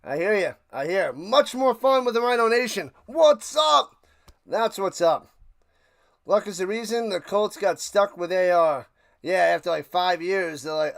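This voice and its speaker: A man hosting a live football reaction stream, ranting sarcastically and calling plays, swinging between muttering and loud outbursts. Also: sits high, expressive, unhurried, gravelly, dry recording, studio quality. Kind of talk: live sports reaction and play-by-play.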